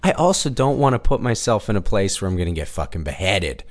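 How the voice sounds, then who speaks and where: A man with a lowish voice that swings widely up and down as he tells a story solo. He rambles, trips over his own restarts and drops the odd curse, all in loose, casual chat. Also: fairly quick. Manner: rambling, animated, with frequent restarts and swearing.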